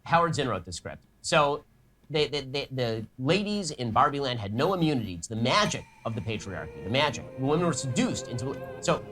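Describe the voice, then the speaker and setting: A man's voice: medium pitch, sing-song, brisk, fairly bright tone, faint music behind. A man giving a mocking, sardonic film review in a played clip. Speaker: political commentator reviewing a film.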